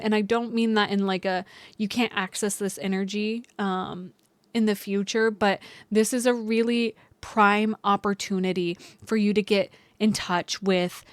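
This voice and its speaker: A woman's voice: mid-range voice, no echo. A young woman astrologer talking casually to her viewers, loose and chatty with many fillers and restarts. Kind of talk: casual astrology vlog talk.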